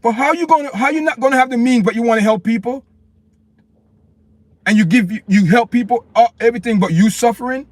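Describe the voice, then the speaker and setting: A man with a high voice hosts a casual live stream and rambles emphatically, talking straight to his viewers. The sound is dry and close, with no room echo. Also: fairly quick.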